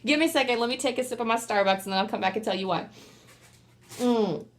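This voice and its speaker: A woman of middling pitch gives a relaxed tarot reading to her viewers. Her talk rambles and circles, heavy with "like" fillers, and now and then jumps into high, excited squeals. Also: brisk, a little hiss or hum. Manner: chatty and rambling, full of "like" fillers. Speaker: tarot card reader. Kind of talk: casual pick-a-card tarot reading to camera.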